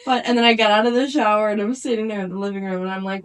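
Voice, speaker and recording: A woman in her twenties co-hosting a podcast, telling stories in a lively, casual way. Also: mid-range voice, rapid-fire, clean tone. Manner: lively storytelling, laughs often. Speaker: podcast co-host. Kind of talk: casual chat.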